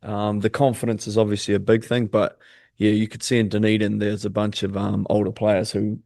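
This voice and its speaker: New male athlete in his thirties, low and even voice, dry close sound. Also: vocal fry, no echo. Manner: easygoing, many "um" pauses. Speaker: basketball player and coach, guest. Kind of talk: casual podcast interview.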